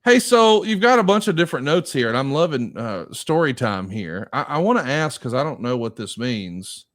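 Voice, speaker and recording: A man's voice: mid-range voice, big pitch swings, normal speed, a bit bright. A man with a mid-range voice hosts a podcast and steers the chat toward his guest's stories. He talks loosely, stumbles into restarts and swears in passing. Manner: easygoing, stammering restarts, swears casually. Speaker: podcast host. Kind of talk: casual podcast conversation.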